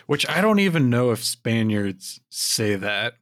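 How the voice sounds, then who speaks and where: A man chatting casually on a film podcast, making relaxed, offhand asides. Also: mid-range voice, a little slow, dry recording, studio quality.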